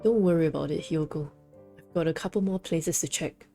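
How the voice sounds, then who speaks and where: A woman reading a calm friendly pigeon boy. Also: deep voice, brisk, gravelly, faint music behind. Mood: kind.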